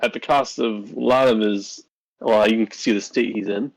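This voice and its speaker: A man's voice: lowish voice, steady tone, creaky, no echo, low-quality recording. Hesitant man playing a tabletop game. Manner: hesitant, halting, many fillers. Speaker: player. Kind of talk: in-character tabletop play.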